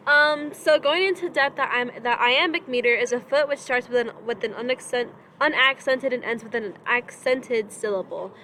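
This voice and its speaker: High, bright young woman stumbling through terms. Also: moderate pace, few pauses, a little hiss or hum. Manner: giggly, stumbles over technical terms. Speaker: presenter. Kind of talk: reading a prepared lesson.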